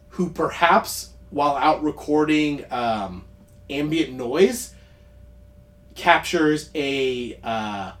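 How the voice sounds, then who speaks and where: A man co-hosting a podcast, chatting casually about movies, rambling with quick asides and frequent laughs. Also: on the high side. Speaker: podcast co-host.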